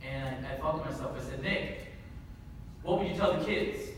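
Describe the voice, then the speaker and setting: A man's voice: fairly high pitch, fairly quick. A man in his twenties giving a motivational speech to a live audience, telling a story with jokes and energy. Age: 20s. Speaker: motivational speaker. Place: large hall with live audience. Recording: echoey hall, mic from far off. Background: audience murmur and noise.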